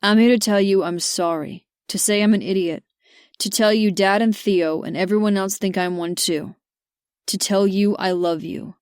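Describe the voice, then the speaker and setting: A woman narrator voicing a grumpy young man who speaks softly and earnestly to the woman he loves. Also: medium pitch, steady tone, normal speed, clear, resonant tone, dry recording, clean studio sound, close to an everyday voice. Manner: soft, earnest. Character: grumpy young cowboy-type man in love.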